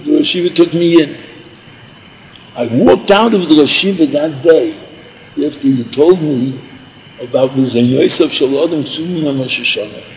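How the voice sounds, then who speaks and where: Older man, gravelly, rambling storyteller who repeats himself, light background hiss. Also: medium pitch, low-quality recording. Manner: meandering, repeats himself, mixes in Yiddish and Hebrew words. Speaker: storyteller recalling yeshiva days.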